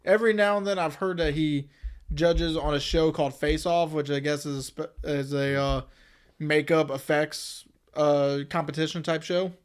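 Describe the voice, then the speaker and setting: A man co-hosting a casual movie review chat, laid-back and quick to joke and laugh. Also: fairly high pitch, fairly even intonation, smooth. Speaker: podcast co-host.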